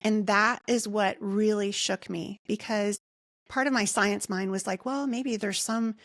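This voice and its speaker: A woman's voice: medium pitch, steady tone, measured pace, no echo, clean studio sound. A middle-aged woman, a nurse anesthetist, giving earnest personal testimony in an interview and reenacting her own thoughts as she tells it. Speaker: podcast guest, nurse anesthetist.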